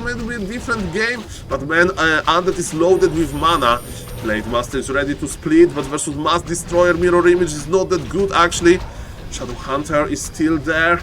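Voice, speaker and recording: Excitable high-voiced male game caster. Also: a little hiss or hum. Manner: excitable, repeats "ladies and gentlemen", rises to loud urgent calls. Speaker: esports caster. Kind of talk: live game commentary.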